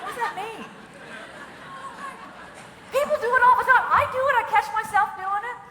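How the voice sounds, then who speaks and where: Brief: high, lively woman keynote humorist, bright tone, big echoey hall. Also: normal speed, some chatter behind. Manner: animated, playful, bursts into song. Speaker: motivational keynote speaker. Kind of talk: comedic keynote with singing. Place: large auditorium with audience. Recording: echoey hall, faint noise.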